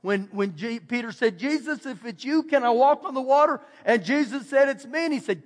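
A pastor delivers a sermon in a casual, conversational manner. His voice sits very high for a man, and he slips into little acted voices for the people he quotes. A long reverb trails off every word in the church hall. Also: a little fast, hardly any pauses. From Texas, USA. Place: church sanctuary.

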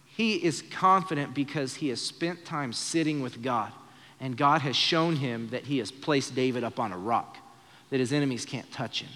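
A man's voice: medium pitch, normal speed, sharp tone, big-room sound. A young man preaching an earnest sermon during a live church service, shifting his voice to act out the lines he quotes. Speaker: pastor.

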